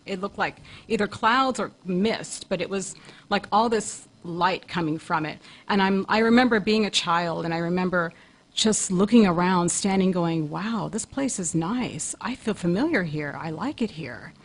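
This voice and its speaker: A woman's voice: on the low side, fairly bright tone, low-quality recording. A woman co-hosting a talk show who earnestly recounts a vivid personal experience, often restarting her phrases. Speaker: co-host, paranormal investigator.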